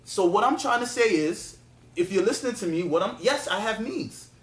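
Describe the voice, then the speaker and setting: A man's voice: high-pitched, expressive, normal speed, roomy sound, rough recording. A man hosting a podcast, arguing his point insistently in a heated casual debate, repeating himself and talking over his co-host.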